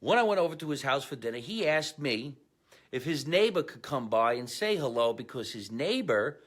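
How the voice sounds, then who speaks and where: Chatty comedian rambling from a basement. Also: male voice, mid-range voice, very animated, normal speed, a bit bright. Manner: chatty, rambling, salesman-like plugs. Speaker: comedian and podcast host. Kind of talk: casual comedic monologue with sponsor plugs. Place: home basement.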